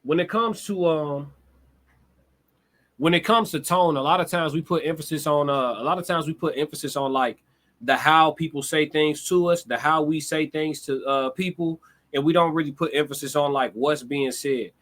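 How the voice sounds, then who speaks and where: A man's voice: on the high side, normal speed, fairly bright tone. Laid-back, direct man chatting on stream. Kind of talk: casual livestream monologue.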